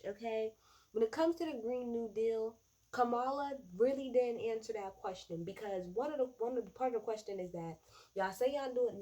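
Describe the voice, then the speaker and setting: A woman in her twenties talks through a debate in a loose, opinionated recap. She is sarcastic and swears freely, now and then rising into loud, exasperated outrage. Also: mid-range voice. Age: 20s. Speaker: political commentator.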